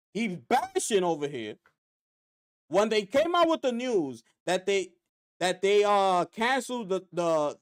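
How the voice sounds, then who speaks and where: A man streaming gaming commentary, ranting with rhetorical questions and mocking asides. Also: high voice. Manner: animated, rhetorical, drops into mocking voices. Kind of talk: live-stream commentary rant.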